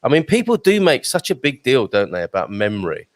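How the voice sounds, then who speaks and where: A man hosting a live online talk show, his mid-pitched voice swinging up and down as he chats. He talks upbeat and loose, full of ums and restarts. The sound is dry and close, with no room around it. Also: huge pitch swings, a little fast, dry recording. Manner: upbeat, chatty, many fillers and restarts. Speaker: talk show host reading viewer comments. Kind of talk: casual live-stream chat.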